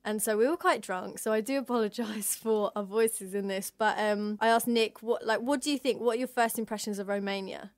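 A woman's voice: mid-range voice, steady tone, brisk, few pauses, no echo. A young woman co-hosting a travel podcast, chatting casually with laughs and fillers. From England. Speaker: podcast co-host.

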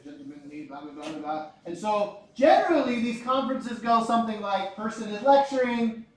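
A male teacher lecturing a class in a lively, joking way, often asking the students questions. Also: sits high, normal speed. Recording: echoey classroom.

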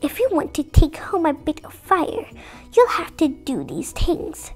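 A woman's voice: high-pitched, huge pitch swings, a little slow, darkish tone, faint music behind, heavily acted. Baba Yaga, a woman putting on a crackling old witch. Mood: grudging. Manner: crackling, commanding. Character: old child-eating forest witch, gruff and grudging.

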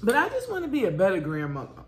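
A woman's voice: medium pitch, huge pitch swings, fast, a little mellow. A middle-aged woman talking candidly about motherhood with her daughter over a meal at home, blunt and swearing freely. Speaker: mother of the host, guest. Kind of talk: casual family chat over a meal. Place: room at home. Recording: roomy echo, faint background noise.

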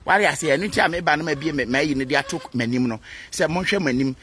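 A Ghanaian vlogger who speaks Twi fires back at a critic in a defiant, mocking rant to camera, switching between Twi and English. His voice is a little high and a bit bright, his pace quick, with slight noise from the busy road he stands beside outdoors.

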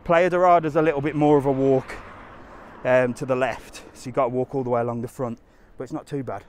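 Talking fairly quickly in a darkish, mid-range voice with fairly even intonation, a male travel vlogger streams live as he walks a sunny resort street. He chats casually and fields viewers' questions. There's slight background noise.

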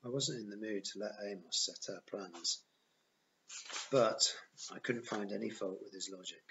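A man reads a novel aloud in an even, plain first-person narration. His voice is on the low side. The recording sounds dull and lo-fi. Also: moderate pace, slight background noise. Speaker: audiobook reader.

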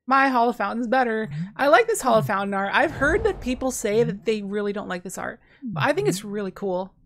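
A woman casually commenting on her own card game as she plays, thinking aloud with sudden bursts of excitement. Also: fairly high pitch, a little fast, a little hiss or hum. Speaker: gameplay streamer.

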